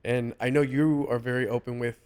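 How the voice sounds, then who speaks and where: Earnest man in halting casual chat. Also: medium pitch, fairly even intonation, a little mellow, smooth. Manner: earnest, halting, many restarts and fillers. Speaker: podcast host.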